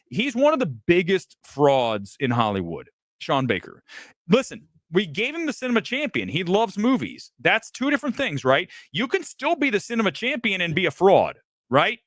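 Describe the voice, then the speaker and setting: A man's voice: sits high, sing-song, normal speed, fairly bright tone, dry recording. A man hosting a film talk show, ranting in a combative, profane, emphatic way. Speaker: host.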